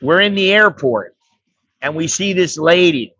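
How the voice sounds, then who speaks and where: A man's voice: on the high side, expressive, a little slow, bright, forceful tone. An American man telling a rambling, profane story in a blunt, casual way as an expat vlogger. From United States. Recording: dry, slightly dull recording.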